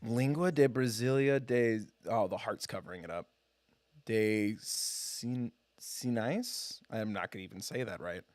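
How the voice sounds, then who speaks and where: A man's voice: fairly low pitch, normal speed, a little mellow, no echo. A man streaming a game live, chatting casually with his viewers in a self-deprecating, giggly way.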